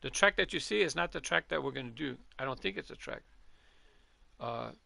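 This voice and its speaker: A middle-aged man from Southern California talks through a racing game in a loose, rambling way, often stopping to correct himself. His voice is very gravelly and strikingly bright, pitched a little high for a man. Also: expressive, brisk. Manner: chatty, rambling, self-correcting. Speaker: gaming channel host. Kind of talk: casual gameplay commentary.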